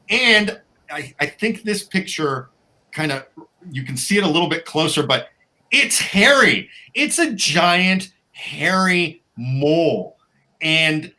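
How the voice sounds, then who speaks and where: Bright-voiced man, rambling chat. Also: a little high, rough recording. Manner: rambling, with many restarts and fillers; wry, offhand humor. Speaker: podcast co-host. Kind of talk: casual chat.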